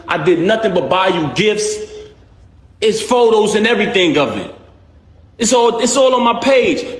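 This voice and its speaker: A man in an interview clip, defending himself in an emphatic, animated way. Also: sits high, roomy sound. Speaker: rapper in played interview clip.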